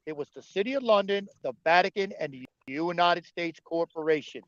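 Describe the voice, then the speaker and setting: A man on a livestream rants and argues with his viewers, swearing hard at every turn. His voice sits a little high. The sound is dry and muffled, like cheap stream audio. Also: brisk, fairly bright tone, dry recording. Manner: profane, angry, argumentative. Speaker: livestream host. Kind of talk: heated livestream rant.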